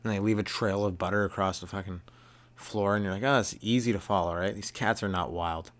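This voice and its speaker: A man's voice: low-pitched, fairly even intonation, fairly quick. A young man hosting a comedy podcast, rambling through a casual monologue, swearing and laughing at his own jokes.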